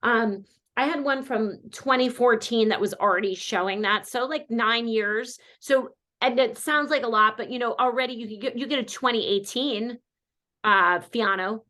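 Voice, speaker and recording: A woman from North Carolina hosts an online wine class, talking casually and warmly to her patrons. She rambles a little, full of fillers and asides. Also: on the high side, moderate pace. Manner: chatty, animated, many fillers. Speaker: host. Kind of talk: casual chat.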